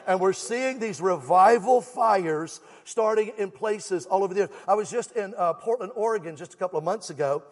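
A man preaching a fervent sermon as a guest evangelist, exhorting the congregation and calling for them to answer back. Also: high-pitched. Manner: fervent, exhorting, calls for crowd response. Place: church sanctuary. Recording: long church hall reverb.

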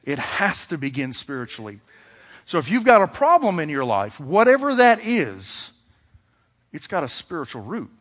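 A man's voice: fairly high pitch, huge pitch swings, normal speed, fairly bright tone, long reverb tail. A man preaching a sermon in a conversational, storytelling way, acting out little dialogues as he goes. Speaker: pastor.

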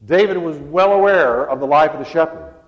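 A man's voice: a little high, lively intonation, fairly quick. A man preaching an emphatic sermon to his congregation, leading them in call-and-response. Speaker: pastor. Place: church sanctuary. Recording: dull sound with long church reverb.

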